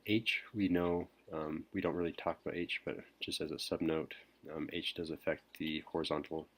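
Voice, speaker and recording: A man teacher whispering a recorded math lesson, hesitant with frequent pauses. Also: a bass voice, steady tone, slightly rough. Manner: whispering softly; hesitant, many ums.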